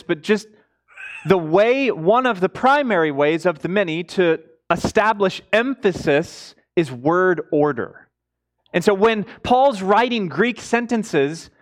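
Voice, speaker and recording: A man delivering a sermon in a high, light voice. He speaks slowly and deliberately, pushing key words up high and loud, then sinking into low, quiet asides. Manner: emphatic, swings between raised high stresses and low quiet asides. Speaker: preacher.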